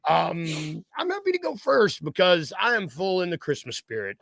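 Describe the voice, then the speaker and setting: A man's voice: high-pitched, very animated, moderate pace, creaky, fairly bright tone, slight background noise. A man co-hosting a casual sports podcast, playful and rambling, laughing easily. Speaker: podcast co-host.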